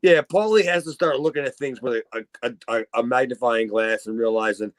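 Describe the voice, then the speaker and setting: A man's voice: mid-range voice, brisk, few pauses, no room sound. A man co-hosting a podcast, talking casually in a rambling way, laughing often and swearing. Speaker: podcast co-host. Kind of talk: casual chat.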